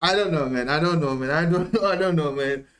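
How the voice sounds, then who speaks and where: A man hosts a music reaction video with a casual, excitable energy, laughing often and ending his sentences with "man" and "okay?". His voice sits on the high side and he talks fairly quickly.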